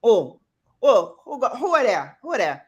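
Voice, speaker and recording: A woman voicing a bossy older Caribbean grandmother who orders the children outside in loud, clipped calls. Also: a little high, sing-song, normal speed, husky, lo-fi sound, pitched above the performer's own voice. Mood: bossy commanding.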